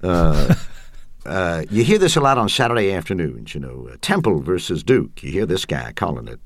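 A man doing a booming 1970s ballgame announcer. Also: sing-song, moderate pace, no room sound, studio quality. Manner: smooth, booming broadcaster delivery. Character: generic 1970s male baseball announcer. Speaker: guest. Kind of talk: interview answers in a put-on voice.

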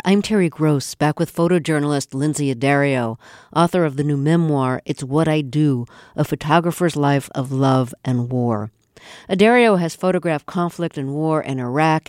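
A woman hosting a radio interview, asking questions in a calm and curious way. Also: deep voice, dry recording, clean studio sound.

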